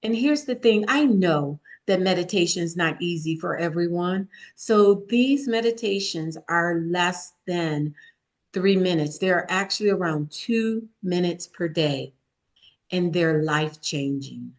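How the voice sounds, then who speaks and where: A woman author and meditation guide, a podcast guest, talking in a soothing, reassuring, deliberate way. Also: fairly low pitch. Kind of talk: interview guest.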